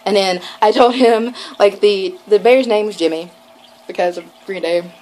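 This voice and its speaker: A young woman vlogging, telling a rambling, excited story full of "like" and quoted lines. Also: mid-range voice, normal speed, low-quality recording. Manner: gushing, rambling, lots of "like" and acted quotes. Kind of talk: casual storytelling vlog.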